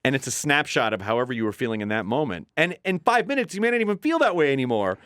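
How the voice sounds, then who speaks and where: Male TV host guest, mid pitch, reflective and rambling, acts out quotes, dry studio. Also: big pitch swings, quick pace, a bit bright, clean tone, dry recording. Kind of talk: casual studio interview.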